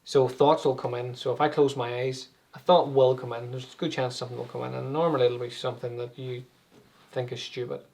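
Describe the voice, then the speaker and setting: Guy, gravelly voice, coach talking through anxiety stuff with everyday examples. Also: medium pitch, level tone, a little fast, a little mellow. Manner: conversational, uses everyday examples. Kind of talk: interview guest explaining.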